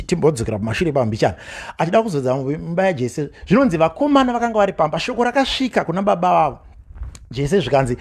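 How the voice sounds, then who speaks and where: A man preaching a sermon from home, switching between Shona and English, with rising passion and shouted calls. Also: sits high, slightly rough. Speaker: pastor.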